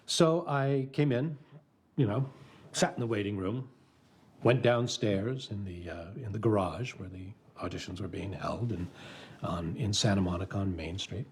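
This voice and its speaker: A man's voice: lowish voice, breathy edge. A man being interviewed, an actor recalling an audition and acting out both sides of the conversation. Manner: animated storyteller acting out both sides of the talk. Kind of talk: interview reminiscence.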